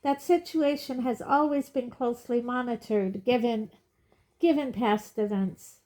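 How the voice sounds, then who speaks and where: A woman's voice: on the high side, pitched above the performer's own voice, natural voice. A woman reading aloud, voicing a stern, impatient witch who speaks sharply. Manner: sharp, brisk.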